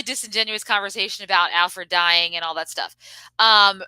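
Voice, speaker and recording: A woman co-hosting a casual chat, retelling a movie plot in an animated way and often acting out the characters' lines. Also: mid-range voice, moderate pace, smooth, no room sound, poor audio. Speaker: co-host.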